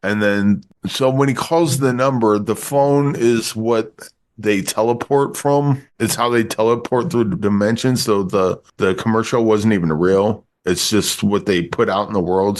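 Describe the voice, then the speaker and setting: A man reviewing movies on a podcast in casual chat, rambling through the plot with stumbles and restarts. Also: lowish voice.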